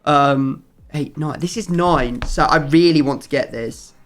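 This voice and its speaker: A man's voice: fairly high pitch, unhurried, a bit bright. A man hosting a gaming video, chatting casually and rambling through his explanations with plenty of fillers. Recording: music playing faintly behind.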